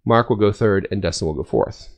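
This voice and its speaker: A man hosting a casual fan podcast, running a trivia game and telling stories with quick laughs. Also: fairly low pitch, creaky. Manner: animated storyteller, quick laughs. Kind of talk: casual group chat.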